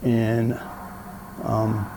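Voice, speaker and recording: A man telling a story in a casual interview, animated, acting out the other people's voices as he goes. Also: lowish voice, very slow, a little hiss or hum.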